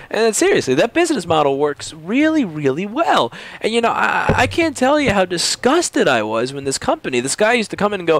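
Blunt, animated repair shop owner, man. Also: on the high side, no echo. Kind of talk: casual rant vlog.

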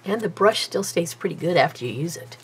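A woman's voice: on the low side, expressive, brisk, a little hiss or hum. A woman chatting casually to herself while she does a paper craft at her table, self-mocking and talkative. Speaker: craft video host.

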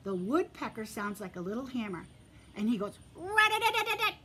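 A woman preschool teacher reading a picture book aloud to little children in an ordinary mid-pitched voice. Her manner is gentle and encouraging, and she now and then sinks into a hushed whisper. A faint hiss of noise sits under the voice. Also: brisk. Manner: drops to a soft whisper for quiet moments; stops to point out real sounds around her.

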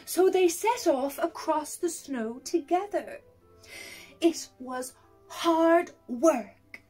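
A woman reading a picture book aloud to young children in a gentle, expressive way. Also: extremely high pitch, extremely slow, faint music behind. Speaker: storyteller for pre-school children.

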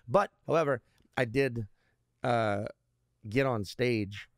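Male comedian guest, mid-pitched, rambling and profane, dry close sound. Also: slow, dry recording. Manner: rambling, profane, restarts a lot. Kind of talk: casual podcast interview.

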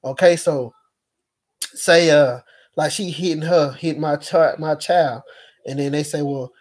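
A man speaking in a rambling personal monologue, with features, halting often with fillers and restarts. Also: a little high, fairly even intonation, darkish tone, breathy edge. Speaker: speaker recounting experiences.

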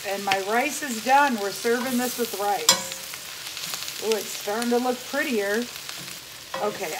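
Woman talking thru her cooking step by step in her kitchen, mid pitch, lots of pan sizzle behind her. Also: low-quality recording. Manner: chatty, talks viewers through each step. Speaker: home cooking channel host. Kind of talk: casual cooking demonstration. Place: home kitchen. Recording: loud sizzling pan noise.

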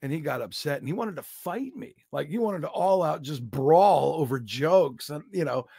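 A man with a high, gravelly voice tells a comic story in an animated, self-deprecating way. The sound is close and dry. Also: moderate pace, no room sound. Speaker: comedian guest.

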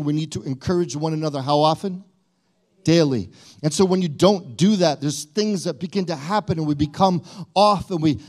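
A man's voice: a little high, darkish tone. A male pastor preaching a sermon in a conversational way, often repeating and restarting his phrases.

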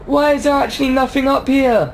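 A young gaming YouTuber with a very high, steady voice talks briskly over a horror video game, jumping, yelping and answering back to the characters. A faint hiss or hum sits under the audio.

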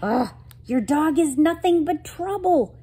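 A woman voicing a spirited, curious young girl in a storybook, speaking eagerly and brightly. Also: a little high, big pitch swings, measured pace, husky, voice pushed up, exaggerated voice. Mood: urgent.

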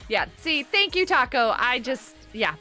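A middle-aged woman hosts a laid-back gaming livestream from home, giggling and bubbly as she reads her viewers' chat out loud. Her high voice is very animated yet unhurried, with a pushed, bright quality. Faint music plays in the background.

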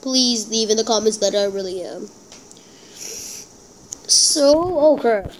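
A woman giving casual gameplay commentary, excitable and self-deprecating, talking straight to her viewers. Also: a little high, slow pace, slight background noise, rough recording. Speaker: gameplay channel host.

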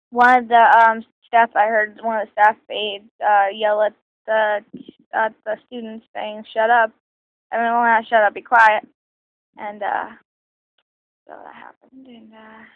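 A teenage girl telling a personal story to camera in a halting, rambling way full of ums and restarts, recorded on a phone. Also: on the high side, no room sound, narrow, tinny audio. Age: teens. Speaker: vlogger.

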